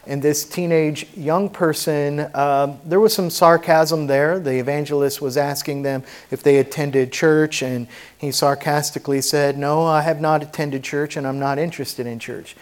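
A man's voice: medium pitch, darkish tone. A man preaching a sermon as pastor, reading scripture aloud and then telling a story in plain, earnest words. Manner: reads scripture in old-fashioned wording, then explains it plainly.

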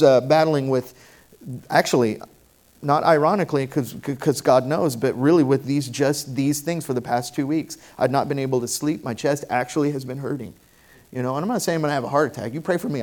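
Impassioned pastor, a man preaching. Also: fairly high pitch. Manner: impassioned, swings from quiet to loud emphatic. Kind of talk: sermon.

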